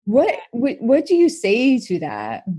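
Breathy woman interviewer. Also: a little high, unhurried. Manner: probing, animated questioning. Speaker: host. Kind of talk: interview conversation.

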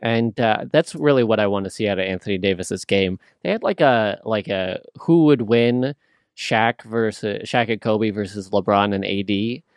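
A man co-hosting a casual sports podcast, relaxed and analytical, running through the numbers. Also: lowish voice, normal speed, dry recording, studio quality. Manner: analytical, relaxed, cites stats. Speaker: podcast co-host.

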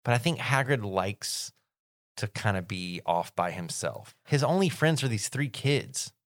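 A man's voice: lowish voice, animated, unhurried, no room sound, clean studio sound. A man with a North Carolina accent co-hosting a podcast in casual, joking chat. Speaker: podcast co-host.

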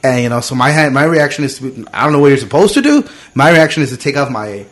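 Brief: man, 30s, mid-pitched, casual podcast storyteller, profane and animated. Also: fast talker. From immigrant.

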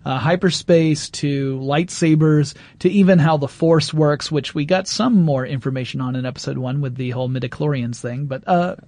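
A man's voice: fairly high pitch, moderate pace, few pauses, darkish tone, dry recording. A man hosting a podcast in casual chat, steering the talk and laughing often. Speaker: podcast host.

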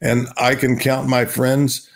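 Older male interview guest, gravelly, rambling storyteller, from Oklahoma. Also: medium pitch, flat delivery, slow pace. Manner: rambling, repeats himself, laughs while talking. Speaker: guest, retired baseball star.

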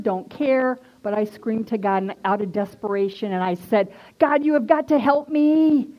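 Woman minister, testimony sermon, earnest, chatty, repeats for emphasis, mid-pitched voice, dull lo-fi sound. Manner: earnest and conversational, emphatic repetition. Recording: dull lo-fi recording.

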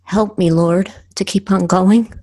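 A woman podcast host reading her own poems aloud in a slow, earnest way with pauses. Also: medium pitch, fairly even intonation, warm tone, husky.

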